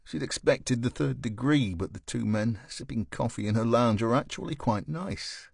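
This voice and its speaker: A man narrating a thriller audiobook in a measured, even way. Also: medium pitch, gravelly, husky, no echo, clean studio sound.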